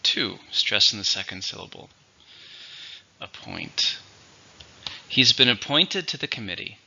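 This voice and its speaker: A man teaching English vocabulary in a slow, clear, instructive way. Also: on the low side, expressive, pushed and bright. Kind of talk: vocabulary lesson. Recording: dull, lo-fi recording.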